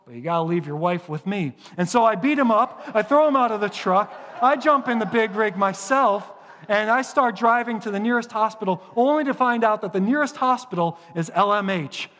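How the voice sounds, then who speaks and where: A man's voice: sits high, normal speed, fairly bright tone. A man in his thirties preaching a sermon, self-mocking and sarcastic, telling stories with lots of animation. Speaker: pastor. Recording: long hall reverb.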